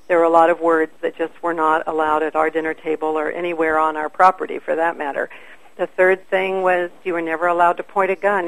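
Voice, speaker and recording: An older woman, a guest on an interview show, telling stories in a lively way and acting out the voices of people she quotes. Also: lowish voice, dry recording, low-quality recording. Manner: animated, acts out quoted voices. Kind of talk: conversational storytelling.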